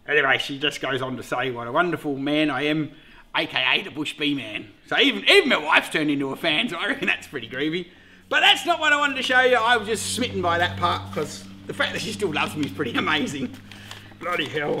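A middle-aged Australian man with a high, bright voice hosts a casual vlog. He jokes around, gets excited easily and swears without a second thought. His pitch swings up and down a lot as he talks. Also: slight background noise. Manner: jokey, excitable, swears freely. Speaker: beekeeper host.

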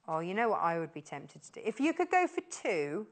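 A shopping-channel presenter pitches products live from a TV studio, her delivery brisk and sing-song. She's effusive and keeps piling on the same words of praise.

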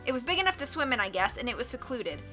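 A woman's voice: on the high side, big pitch swings, very fast, bright, forceful tone, faint music behind. A woman reading the lines of an eager young man who loves old films, in her own voice. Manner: eager, explaining. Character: young adult male film buff.

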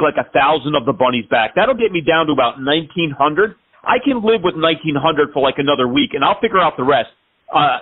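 A man making an absurd prank phone call, rambling through exaggerated complaints. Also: fairly high pitch. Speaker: scambaiter prank caller. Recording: tinny phone line.

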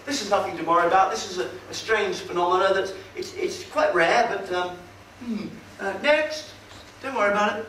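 A man mimicking a chirpy breakfast-TV weather girl who brushes everything off with hurried calm. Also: sits high, voice pushed up. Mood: breezy dismissive. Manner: mocking, hurried reassurance. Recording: roomy hall, far from mic, faint noise.

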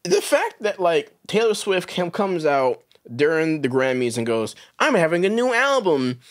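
Animated man on a studio podcast. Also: on the high side, measured pace. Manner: animated storyteller, mocking voices when quoting people. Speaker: podcast co-host. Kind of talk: casual opinionated chat. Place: recording studio.

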